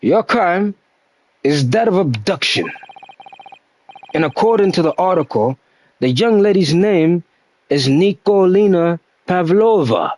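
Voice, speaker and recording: A man reading aloud as a theatrical, grandiose male detective, drawing his words out slowly and dramatically. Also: high-pitched, expressive, darkish tone, no echo, voice pushed up. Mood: dramatic. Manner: slow, drawn-out dramatic reading. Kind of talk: reading game dialogue aloud.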